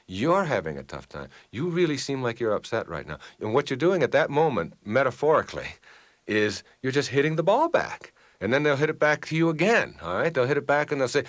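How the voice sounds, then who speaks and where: A middle-aged motivational speaker with a medium-pitched voice lectures at a fairly quick pace. He's an animated storyteller, sharing anecdotes and acting out the people he quotes.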